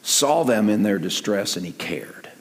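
An older man preaching a sermon in an animated way, dropping to near-whispers and then rising to loud emphasis. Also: fairly low pitch, a little slow. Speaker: pastor. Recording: echoey hall with long reverb.

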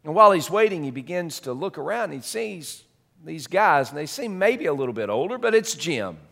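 Preacher guy telling a story, kinda high voice, gets loud then really quiet, stumbles on words. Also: big pitch swings, moderate pace, vocal fry. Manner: dramatic, shifts loud and soft, repeats words. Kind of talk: storytelling sermon.

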